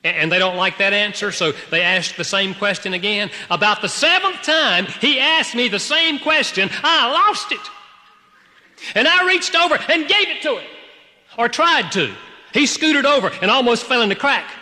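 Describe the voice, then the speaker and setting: A man preaching a sermon to a congregation, telling a personal story in an animated way, swinging between loud outbursts and hushed, quiet passages. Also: extremely high pitch, moderate pace, long reverb tail. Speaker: pastor.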